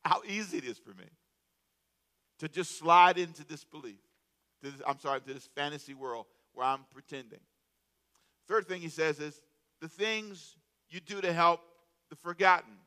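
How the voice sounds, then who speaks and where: A man preaching a sermon as a pastor, animated and calling out to his congregation, often repeating words. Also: a little high, moderate pace, long pauses, clear, resonant tone.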